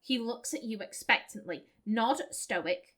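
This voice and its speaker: A young woman hosts a game playthrough, musing aloud and reading out the choices she is weighing. Her voice sits high and bright. She talks in a loose, chatty way. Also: lively intonation, measured pace. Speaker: let's play host. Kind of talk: gameplay commentary.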